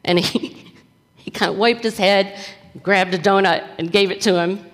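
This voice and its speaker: A woman preacher telling a story in a conversational, animated sermon. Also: medium pitch, a little slow. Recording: echoey hall reverb.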